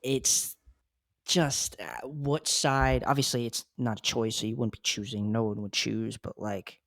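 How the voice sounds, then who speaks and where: A man's voice: mid-range voice, fairly even intonation, unhurried, gravelly, a bit bright, no room sound, clean studio sound. A man hosting a casual podcast conversation, loose and outspoken, swearing freely and laughing often. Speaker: podcast host.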